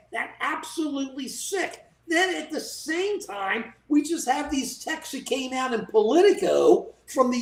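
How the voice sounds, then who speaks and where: A co-host of a political livestream, talking in a casual, indignant and animated way, often mimicking politicians in quoted asides. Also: mid-range voice. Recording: echoey room.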